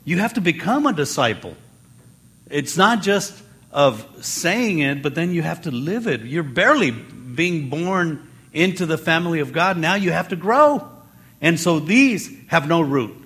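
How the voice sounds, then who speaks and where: A man preaching a Bible teaching sermon in a conversational way, jumping in pitch as he acts out the people he quotes. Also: measured pace. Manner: animated, acts out quoted voices with pitch jumps; conversational with fillers and restarts.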